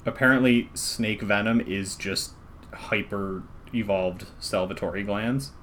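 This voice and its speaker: A man acting as dungeon master in a tabletop game, narrating scenes in a relaxed, casual way. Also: fairly low pitch, unhurried, a little hiss or hum.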